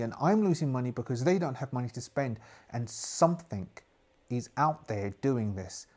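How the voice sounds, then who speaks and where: A man's voice: mid-range voice, close to an everyday voice. A man voicing a frightened, sick, dim-witted male innkeeper who rambles anxiously in a solo tabletop game.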